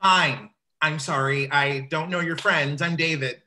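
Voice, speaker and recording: A woman's voice: low-pitched, unhurried. An actress playing a jittery young man. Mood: awkward. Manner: anxious, excitable, outbursts. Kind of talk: comic play reading. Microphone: video call.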